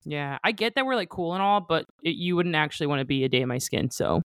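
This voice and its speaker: A woman co-hosting a casual chat, talking fast and animated and cutting in over her friends. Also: sits low, no echo, studio quality. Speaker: podcast co-host.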